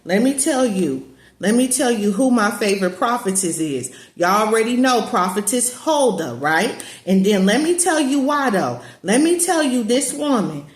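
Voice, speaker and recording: A woman's voice: a little high, sing-song, normal speed. Emphatic preaching woman, echoey room. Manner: emphatic, repetitive, addresses viewers as y'all. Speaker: spiritual teacher and online community leader. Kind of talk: casual preaching to viewers.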